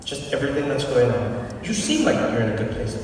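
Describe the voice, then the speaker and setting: A man's voice: mid-range voice, wildly swooping pitch, brisk, noisy background. A male stand-up comedian doing crowd work, playfully teasing and questioning audience members at a live show. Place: large live comedy venue. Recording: echoey hall, distant mic, loud crowd. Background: audience laughter and applause.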